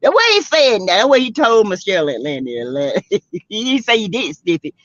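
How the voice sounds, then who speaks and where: A woman's voice: mid-range voice, very animated, normal speed, a bit bright, dry recording, lo-fi sound. A woman with a Southern US accent hosting a casual live gossip chat, sassy and laughing often as she greets viewers. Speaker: live-stream host.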